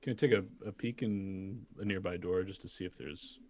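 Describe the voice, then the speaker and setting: Gravelly low-voiced man player. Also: steady tone, normal speed, a little mellow, a little hiss or hum. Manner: casual, joking. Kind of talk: tabletop game play.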